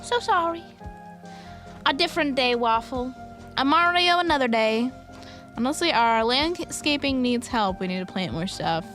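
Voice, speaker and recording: Speaking in a fairly high, expressive and slightly bright voice, a young woman streamer reads messages from her viewers and chats with them playfully. She's giggly and prone to quick tangents, and soft music plays in the background.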